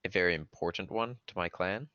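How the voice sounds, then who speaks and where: A man's voice: deep voice, fairly quick, pushed and bright, dry recording, highs cut off. A man playing a tabletop game, talking bluntly and plainly in casual chat.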